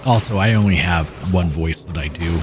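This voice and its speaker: A man hosting a gaming channel, chatting in a relaxed, rambling way as he comments over gameplay. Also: low-pitched, moderate pace. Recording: game music playing behind. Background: game music.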